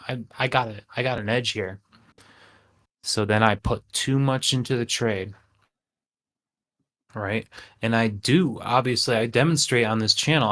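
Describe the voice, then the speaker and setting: Male streamer host, mid pitch, animated, rhetorical style. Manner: animated, rhetorical questions, frequent "right?". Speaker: trading channel host. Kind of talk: casual livestream talk.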